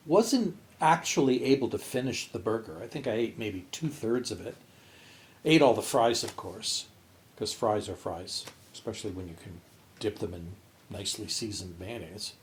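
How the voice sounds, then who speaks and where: A man's voice: on the low side, normal speed. A man co-hosting a podcast from Canada, telling a long story in casual chat, acting out the voices of his friends and swearing freely. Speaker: podcast co-host.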